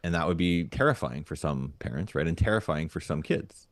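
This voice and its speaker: A man's voice: a bass voice, lively intonation, brisk, no echo, clean studio sound. A man co-hosting a parenting podcast, thinking aloud in casual chat with lots of fillers and restarts. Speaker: podcast co-host.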